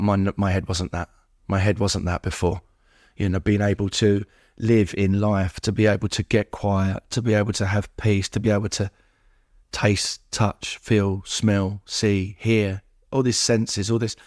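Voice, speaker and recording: Earnest man, low dry voice. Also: flat delivery, a little slow, darkish tone, no echo. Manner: earnest, repetitive, lists things in rhythmic runs. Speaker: podcast guest in recovery. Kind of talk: emotional heartfelt conversation.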